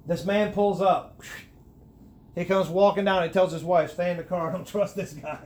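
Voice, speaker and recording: A middle-aged man giving a personal testimony in a conversational interview, earnest, with many restarts, rising and getting animated at emphatic points. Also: high-pitched, moderate pace. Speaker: guest sharing his testimony.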